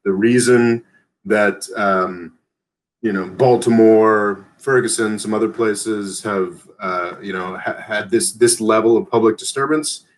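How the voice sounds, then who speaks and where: A man hosting a live news brief, talking off the cuff with many pauses, fillers and restarts. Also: lowish voice, steady tone. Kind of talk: casual unscripted live commentary.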